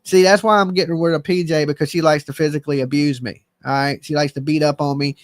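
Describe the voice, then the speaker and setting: Middle-aged male stream host, high voice, dry mic; playful, self-deprecating chat banter. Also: steady tone, fast talker, no echo. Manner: goofy, self-mocking, loose slangy delivery. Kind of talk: joking live-stream chat.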